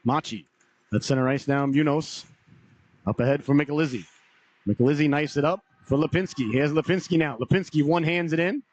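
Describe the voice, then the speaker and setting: Slightly hoarse male hockey announcer, higher pitch, brisk calls, dull lo-fi stream sound. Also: darkish tone. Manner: brisk name-by-name calls with folksy asides. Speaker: play-by-play announcer. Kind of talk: live hockey commentary.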